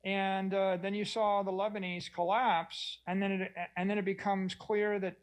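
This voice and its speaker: A man's voice: sits high, flat delivery, normal speed, clear, resonant tone, low-quality recording. A middle-aged man speaking on a conference panel, enthusiastic and expansive, often slipping into quoted voices.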